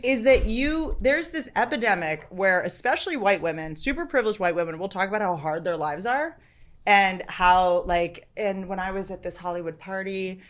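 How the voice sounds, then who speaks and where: A woman on a podcast who tells stories with animated, mocking impressions of other people. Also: mid-range voice, moderate pace. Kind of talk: podcast conversation.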